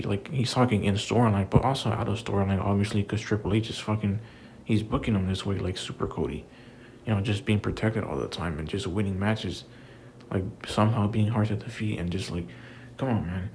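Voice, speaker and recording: A man's voice: on the low side, a little mellow, slight background noise. A man giving a heated, repetitive rant about wrestling, swearing often and stacking up fillers. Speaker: wrestling commentator. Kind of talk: ranting commentary.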